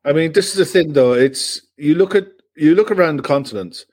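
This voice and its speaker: A man on a casual football chat, explaining his points in a measured, steady way. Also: on the high side, husky. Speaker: pundit.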